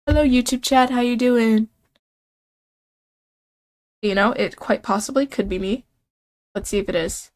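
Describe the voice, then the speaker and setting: A young woman streamer giving playful, excitable casual commentary while playing a dating game. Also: fairly high pitch, unhurried, pauses often.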